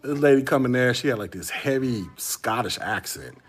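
Husky laid-back man telling stories. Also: mid-range voice, animated, moderate pace. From Central Florida. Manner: rambling storyteller, slangy, addresses chat as y'all. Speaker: tech podcast host. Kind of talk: casual livestream chat.

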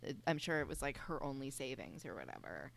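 Young woman, low voice, lively swooping pitch, emphatic casual chat. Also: quick pace, gravelly, crowd noise. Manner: animated, emphatic, rambling with many restarts. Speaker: podcast co-host.

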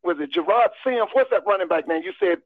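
A man's voice: sits high, expressive, quick pace, vocal fry, no echo. A man, calling in to a live sports show, talking emphatically and repeating his points in folksy terms. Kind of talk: casual sports talk. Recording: tinny phone line.

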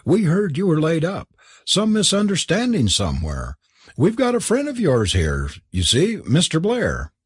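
A husky-voiced man reading aloud, voicing a genial, fussy older gentleman who is a father. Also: on the high side, wildly swooping pitch, measured pace, dry recording, clean studio sound, voice pushed up, full character voice.

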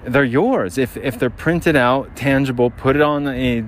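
A man, a little out of breath, rambles through a casual podcast monologue while walking outside. He keeps restarting his sentences at a mid pitch. Faint street and engine noise sits under his voice. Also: measured pace. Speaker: podcast host. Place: outdoors on a city street, near a generator. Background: street and traffic noise.

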